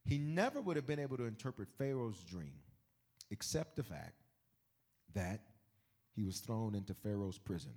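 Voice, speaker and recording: A male pastor preaching an animated sermon, teasing the congregation and quoting scripture. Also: lowish voice, moderate pace, pauses often.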